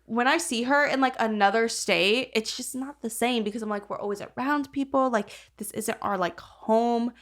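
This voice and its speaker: A woman's voice: a little high, moderate pace, hardly any pauses, a bit bright. A young woman co-hosting a podcast, rambling casually, leaning on "like" and swearing freely. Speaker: podcast co-host. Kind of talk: casual chat.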